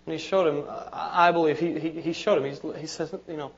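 A man's voice: on the high side, steady tone, brisk. A man preaching a sermon as pastor, conversational, repeating words and asking the congregation "amen?". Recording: dull lo-fi sermon recording.

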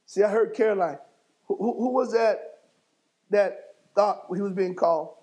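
A man preaching a sermon as bishop in a church, working the congregation and rising to shouts. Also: sits high, moderate pace, low-quality recording. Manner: fiery call-and-response preaching, rising to shouts. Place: church sanctuary.

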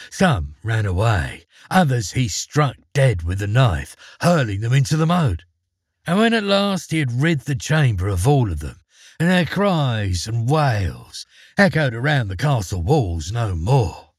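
A male storyteller reads a fairy tale with theatrical flair and wry asides. His voice is husky and swings widely in pitch. The recording is close and dry. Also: no room sound. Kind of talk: expressive fairy-tale narration.

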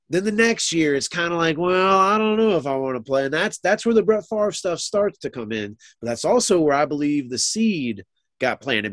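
A man's voice: fairly high pitch, no echo, clean studio sound. A man co-hosting a casual sports talk show, musing and thinking aloud with frequent restarts.

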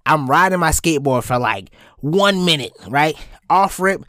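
A young man talks straight into a close mic, telling a story on his own podcast. His pitch swings widely as he jumps into squeaky high bits, and his casual, profane delivery sounds dry and close. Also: lively intonation, moderate pace, bright, forceful tone, no room sound. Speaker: podcast host.

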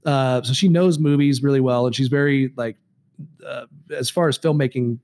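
A man's voice: medium pitch, fairly even intonation, normal speed, a little mellow. A man co-hosting a casual podcast, rambling with lots of fillers and restarts. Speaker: podcast co-host. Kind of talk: casual chat about horror movies.

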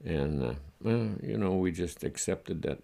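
An older man from the United States, reflecting in a halting, chuckling way during an oral history interview. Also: low-pitched, expressive, creaky, warm tone. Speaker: interviewee recalling his childhood.

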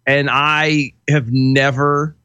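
A man's voice: fairly high pitch, drawn-out words, clean tone, no echo, highs cut off. A middle-aged man co-hosting a casual podcast, joking and laughing often as he banters. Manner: jokey, animated, laughs often. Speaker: co-host.

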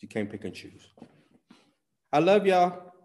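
A pastor preaching a sermon, folksy with "y'all", swinging between loud bursts and hushed asides. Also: male voice, high voice, big pitch swings, unhurried. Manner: folksy talk with "y'all" and "ain't".

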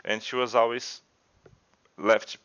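A man's voice: fairly low pitch, moderate pace, bright, forceful tone, clear, resonant tone. A non-native English-speaking man telling casual stories in a chatty way, often saying "like". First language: not English. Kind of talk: casual storytelling. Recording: dull lo-fi audio.

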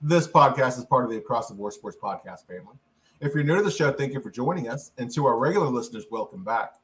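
A man hosting a sports podcast, steady and friendly as he introduces and steers the talk. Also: medium pitch, fast. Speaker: podcast host. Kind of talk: casual sports chat.

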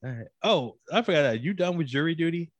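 A man's voice: a little high, animated, fast, no echo. A man hosting a podcast in casual chat, joking and teasing his co-host.

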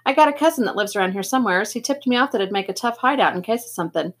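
A woman's voice: fairly high pitch, animated, racing, husky. A woman voicing a tough, cocky teenage boy in a gang, blunt and slangy, in a storybook reading. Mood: offhand.

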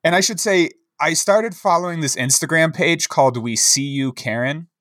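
A man's voice: a little high, normal speed, fairly bright tone, no room sound, studio quality. Rambling young man telling stories. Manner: rambling, filler-heavy, wry. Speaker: podcast co-host. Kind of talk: casual chat, storytelling.

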